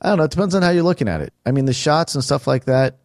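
A man's voice: fairly high pitch, very fast, a little mellow. A man in casual chat about films who laughs easily and pushes back on his friend's opinions. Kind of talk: casual movie review chat.

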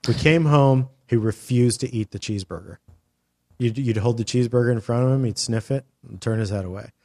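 A man's voice: mid-range voice, a little fast, darkish tone. A middle-aged man hosting a podcast, telling a long story in casual chat, rambling with lots of fillers and casual swearing. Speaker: podcast host.

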